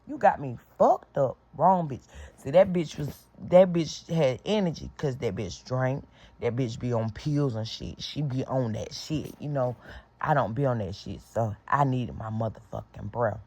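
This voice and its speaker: A woman's voice: very deep voice, lively intonation, moderate pace, warm tone, breathy edge. A middle-aged woman telling a casual storytime vlog story, blunt and full of profanity and sound-effect words.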